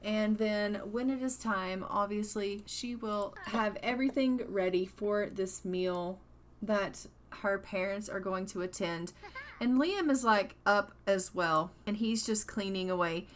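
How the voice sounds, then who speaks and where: A woman's voice: medium pitch, unhurried, slight background noise. A woman casually narrating her life-sim gameplay, chatty and full of fillers. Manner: chatty, many fillers like "like" and "you know". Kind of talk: casual let's-play narration.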